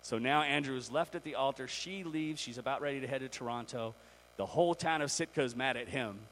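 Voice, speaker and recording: A male pastor with a mid-pitched voice tells a story in lively fashion, dipping into the characters' voices as he goes. A faint hum sits under his preaching. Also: brisk, rough recording. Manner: animated storytelling, acting out the characters. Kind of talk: sermon.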